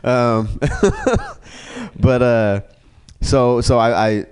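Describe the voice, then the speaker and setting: A man doing a stand-up comedy set, rambling and profane, full of fillers and restarts, who jumps to a higher pitch when he acts out other people. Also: wildly swooping pitch, drawn-out words, a little mellow, clean tone. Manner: acts out characters in a raised pitch.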